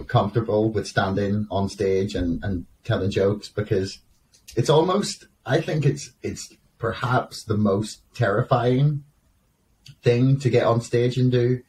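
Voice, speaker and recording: A man's voice: fairly low pitch, a little slow, a little mellow, far from the mic. A man interviewing a guest, asking long, hesitant questions full of restarts. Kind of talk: casual interview.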